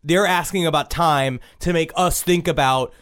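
A man's voice: fairly high pitch, moderate pace, fairly bright tone, clean tone. A man co-hosting a podcast, rambling and joking with frequent swearing in casual chat. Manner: rambling, profane, jokey. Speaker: podcast co-host.

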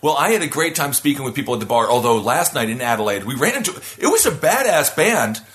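American male podcast co-host, bright tone, very animated pitch, chatty storyteller. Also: fast. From United States. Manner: lively storyteller, teasing, animated. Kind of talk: casual comedic chat.

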